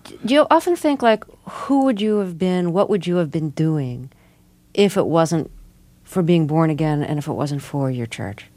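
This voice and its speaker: A woman hosting a radio interview, asking gentle, probing questions and reading a closing announcement. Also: low-pitched, lively intonation, moderate pace.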